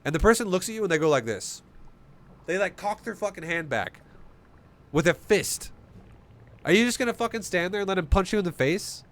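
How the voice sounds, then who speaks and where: A man streaming a strategy game, explaining his play in an animated, swearing, rhetorical way. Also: high-pitched, a little fast, long pauses. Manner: animated, profane, rhetorical questions. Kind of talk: live-stream commentary.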